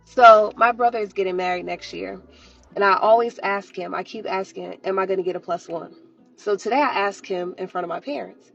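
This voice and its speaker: A woman's voice: medium pitch, fairly quick, vocal fry, fairly bright tone, lo-fi sound, faint music behind. A woman telling a story in a wry, self-mocking way. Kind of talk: storytime video.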